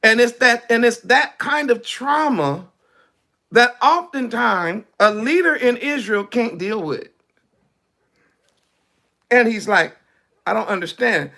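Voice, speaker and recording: High gravelly-voiced male preacher. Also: expressive, takes it slowly, long pauses, bright, forceful tone. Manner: conversational preaching, acts out quoted speech, drops his voice low for emphasis. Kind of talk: sermon.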